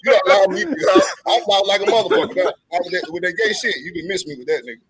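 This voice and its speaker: A man's voice: high voice, gravelly, a crowd in the background. A man arguing on a live panel, swearing and talking over others. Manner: fast, profane, combative. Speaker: panel guest. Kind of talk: heated panel argument.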